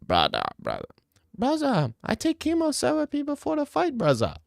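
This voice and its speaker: A man's voice: very high voice, huge pitch swings, normal speed, vocal fry, no echo, clean studio sound, pitched above the performer's own voice, heavily acted. A man doing a whiny mock-Dagestani fighter. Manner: pleading, says "brother" constantly. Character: whiny male fighter making excuses, high voice.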